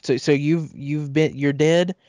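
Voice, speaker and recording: A man co-hosting a casual podcast chat, halting and restarting his sentences and laughing often. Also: on the high side, fairly even intonation, darkish tone, no echo. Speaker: podcast co-host.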